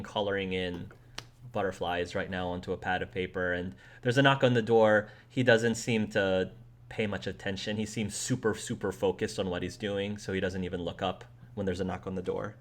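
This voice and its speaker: A man running a tabletop game with a lowish voice, narrating what characters do in a loose, conversational way. He often restarts his sentences as he describes the scene. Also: a bit bright, a little hiss or hum. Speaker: game master.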